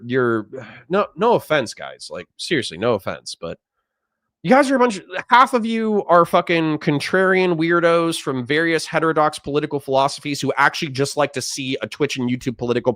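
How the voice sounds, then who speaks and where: A male streamer talks straight to his chat in a sarcastic, condescending tone, as though lecturing a class. His voice sits at a middle pitch and sounds close and dry, with no room sound. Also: expressive, normal speed, a bit bright, no echo. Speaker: streamer host. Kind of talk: live-stream political commentary.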